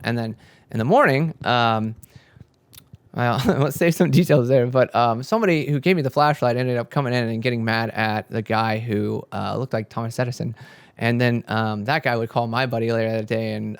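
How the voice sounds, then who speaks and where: A young man, a spiritual content creator, recounts a spiritual story casually and meanderingly, cursing a lot and vividly acting out what he and his friends said. His medium-pitched voice is clear and resonant, with no echo.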